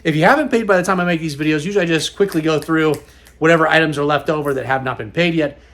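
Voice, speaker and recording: A man's voice: fairly high pitch, fast, fairly bright tone. A middle-aged man hosting a casual vlog, upbeat and rambling, sounding tired and a little worn. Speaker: host.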